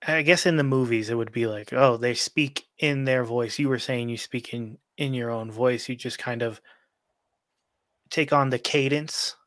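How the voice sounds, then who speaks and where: A man hosting a podcast interview, asking relaxed, hesitant questions with frequent restarts. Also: mid-range voice, moderate pace, dry recording. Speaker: podcast host. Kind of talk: casual interview chat.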